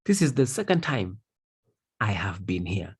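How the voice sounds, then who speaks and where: A man's voice: on the low side, big pitch swings, unhurried, slightly rough, exaggerated voice. A man voicing a friendly local man who eagerly answers "yes" over and over when asked about his home city.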